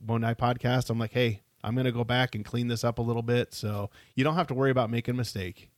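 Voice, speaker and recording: A man's voice: medium pitch, fairly even intonation, quick pace, no echo, studio quality. A man hosting a podcast, chatting easygoing and appreciative with his guest and signing off to listeners. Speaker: podcast host. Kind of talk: casual interview chat and show sign-off.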